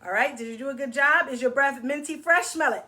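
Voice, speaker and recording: A woman's voice: high voice, brisk, bright, forceful tone. A woman hosting a children's read-aloud, singing, asking questions and coaxing kids to move along with her. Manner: playful, coaxing, asks kids to join in. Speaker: children's story time host.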